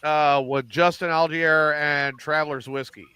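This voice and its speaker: A middle-aged man hosting a casual podcast, animated and profane, acting out lines as he recaps TV shows. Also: fairly high pitch, measured pace, clear, resonant tone. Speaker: podcast host.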